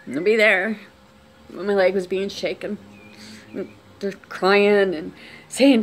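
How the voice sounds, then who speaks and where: A woman telling a personal story on camera, unscripted, talking quietly with many restarts and trailing phrases. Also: medium pitch, steady tone, takes it slowly, pauses often, a little hiss or hum.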